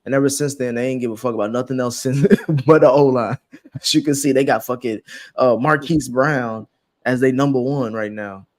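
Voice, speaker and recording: A man's voice: mid-range voice, fairly even intonation, moderate pace. A man co-hosting a casual sports talk show, cursing freely and laughing through banter about the draft. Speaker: sports podcast co-host.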